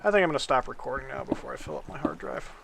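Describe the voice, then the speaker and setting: A man's voice: medium pitch, sing-song, very fast, gravelly, a crowd in the background. A man hosting a game recording, chatting in a laid-back way and chuckling along with friends. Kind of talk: casual gaming chat.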